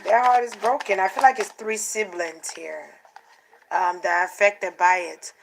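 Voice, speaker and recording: A woman doing a casual spiritual card reading for her channel, talking in an animated way, repeating phrases and acting out what others might say. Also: mid-range voice, measured pace, vocal fry, background noise. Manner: animated, repeats herself, acts out quotes. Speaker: tarot card reader.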